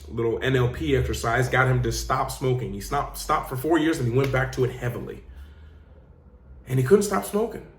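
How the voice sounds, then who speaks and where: A man, a life coach and host, giving an earnest motivational talk with emphatic, repeated phrases. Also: mid-range voice. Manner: earnest, emphatic storytelling with repetition. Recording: roomy echo.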